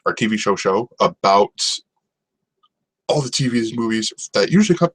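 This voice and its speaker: A man's voice: fairly low pitch, lively intonation, moderate pace, a bit bright, husky, poor audio. A man hosting a casual solo podcast about TV, rambling with lots of ums and restarts. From North America. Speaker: podcast host. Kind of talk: casual solo TV review chat.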